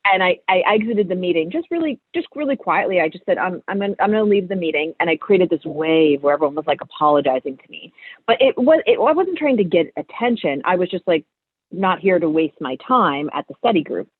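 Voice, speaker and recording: Woman in her 30s, open and animated guest, heard over a thin phone-like call line with no room sound. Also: lowish voice, a little fast, husky, dry recording. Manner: candid, animated storytelling. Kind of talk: casual interview chat. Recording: tinny phone-like line, dry.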